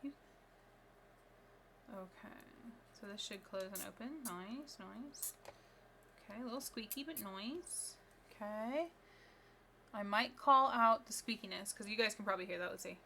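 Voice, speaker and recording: A woman's voice: medium pitch, moderate pace, long pauses, bright, forceful tone, a little hiss or hum. A woman streaming live from home, chatting casually and upbeat with her viewers while she builds.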